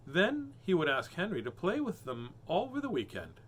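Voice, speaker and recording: A playful man reading picture books aloud at home, joking between pages. His voice is bright and a little high, and his pitch swings widely. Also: wildly swooping pitch, moderate pace. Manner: playful, joking, with frequent laughs. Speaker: storyteller host.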